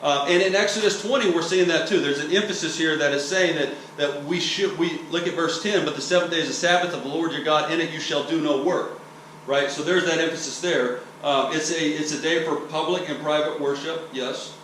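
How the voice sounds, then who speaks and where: A man's voice: on the high side, steady tone, fairly quick, a bit bright. A preacher from Texas giving a teaching sermon in a conversational, explanatory way, often checking in with "okay?" and restarting his sentences. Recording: roomy echo, distant mic, faint hiss.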